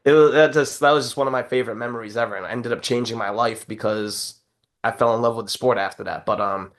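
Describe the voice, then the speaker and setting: Animated, swearing podcast co-host man. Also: medium pitch, fast talker. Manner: animated storytelling, swears freely, acts out quotes. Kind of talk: casual podcast chat.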